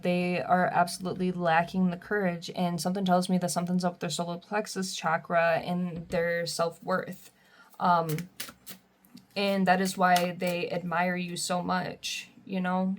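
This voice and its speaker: A young woman giving a casual tarot reading, chatty and quick to laugh as she reads the card messages aloud. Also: on the low side, level tone, slight background noise. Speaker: tarot reader.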